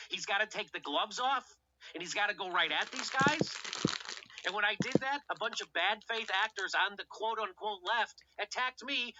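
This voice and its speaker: A man hosts a political show in a fierce, profane rant. His voice is sharp and bright, and he piles up sarcastic rhetorical questions. The recording is dull and lo-fi. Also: high voice, slight background noise. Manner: heated, sarcastic, swears often, rhetorical questions.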